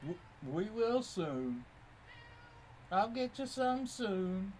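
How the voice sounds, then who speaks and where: Slow, playful man teasing his cat. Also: sits high, big pitch swings, darkish tone, slight background noise. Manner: playful, teasing, laughs often. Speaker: pet owner filming his cat. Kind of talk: casual talk to a pet.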